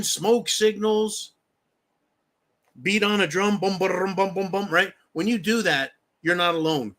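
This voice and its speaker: A man's voice: high-pitched, sharp tone. A man hosting a live stream, talking to viewers in a fired-up, profane, repetitive way and calling them "folks.". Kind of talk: political live stream monologue.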